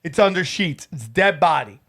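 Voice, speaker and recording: A comedian telling stories in casual podcast chat, acting out the people in them with lively voices. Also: male voice, a little high, normal speed. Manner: animated, acts out voices in stories.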